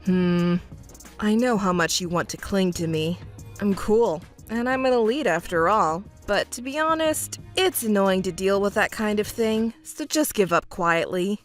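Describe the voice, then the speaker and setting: Woman putting on a smug young guy, lowish voice, condescending, faint music behind. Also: measured pace, close to an everyday voice. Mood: scornful. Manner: condescending, scolding. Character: arrogant self-important young man, fiancé. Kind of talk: texting story voice acting.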